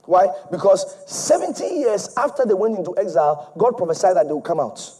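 A male preacher delivering an emphatic, repetitive sermon that swings between loud and soft. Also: high voice, very animated, fairly quick, breathy edge.

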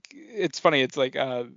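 A man co-hosting a casual film podcast, excitable, swearing often and trailing off mid-sentence. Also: medium pitch, no room sound. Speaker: podcast co-host. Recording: dull lo-fi podcast audio.

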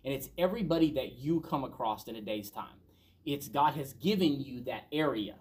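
A man's voice: medium pitch, lively intonation, normal speed, darkish tone. A man preaching a sermon as a pastor, talking conversationally and telling stories, building to emphatic peaks.

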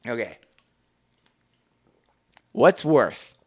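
A man's voice: medium pitch, sing-song, very slow. A man co-hosting a podcast in casual chat, telling stories animatedly, laughing and swearing often. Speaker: podcast co-host.

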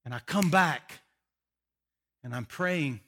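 An older man preaching a sermon, an animated, emotional storyteller who often laughs. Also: fairly high pitch, slow. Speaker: pastor.

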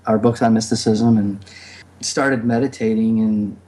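A man's voice: fairly low pitch, fairly even intonation, unhurried, dark tone. A man speaking reflectively in a casual podcast conversation, with many fillers and restarts. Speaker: podcast guest.

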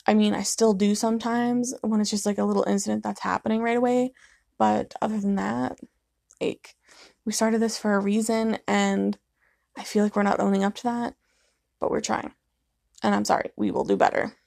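A woman's voice: mid-range voice, flat delivery, normal speed, gravelly, a little mellow, no room sound, clean studio sound. A young woman hosting a casual solo podcast from her living room late at night, sleepy and yawning, rambling and apologetic, laughing often. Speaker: podcast host.

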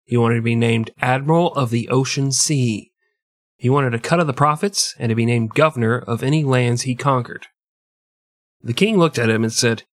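A man's voice: mid-range voice, moderate pace, no room sound, studio quality. A man co-hosting a podcast, telling history as crude, joking comedy and putting on mock voices. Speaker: podcast co-host.

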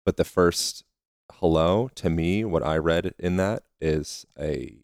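A podcast host with a very deep voice who muses softly and reflectively. The sound is dry and close, with no room echo. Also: slow, gravelly. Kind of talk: reflective interview chat.

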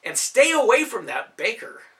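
A man voicing a calm, bold young male hero in an audiobook, wry with a villain and kindly toward children. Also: extremely high pitch, moderate pace, pitched above the performer's own voice, exaggerated voice.

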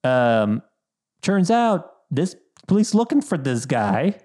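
A young man from Bosnia chatting casually, telling animated stories full of "like" fillers. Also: on the high side, slow pace. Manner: animated storytelling, lots of "like" fillers. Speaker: podcast guest, content creator. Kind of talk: casual chat.

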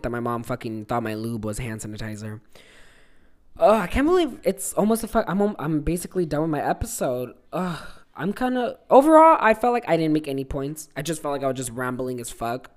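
A young adult podcast co-host in a casual solo episode, rambling and swearing freely while telling a funny story. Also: medium pitch. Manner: rambling, profane, laughing storyteller.

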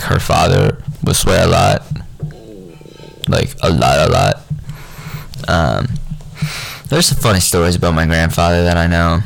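Low gravelly young man rambling. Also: dry recording, low-quality recording. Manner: rambling, profane, loose and unfiltered. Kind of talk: rambling casual monologue.

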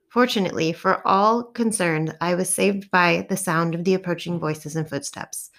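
Audiobook narrator: woman with a lowish voice, measured and expressive first-person reading.

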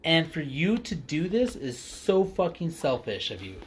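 A man co-hosts a loose, chatty podcast and rants with heat and plenty of profanity. His voice sits a touch high. A faint background hiss runs underneath. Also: big pitch swings, a little slow. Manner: heated, profane ranting. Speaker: podcast co-host. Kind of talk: casual podcast chat.

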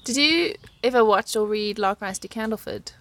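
A woman's voice: mid-range voice, normal speed, fairly bright tone. A woman co-hosting a podcast in casual chat, rambling and laughing often. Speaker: podcast co-host.

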